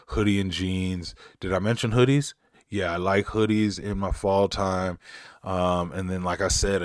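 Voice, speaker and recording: A deep-voiced man rambles through a casual livestream, reading and answering his chat. He chuckles often and makes self-mocking dad jokes, and his voice is recorded dry and close with no room sound. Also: no room sound. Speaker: streamer reading live chat.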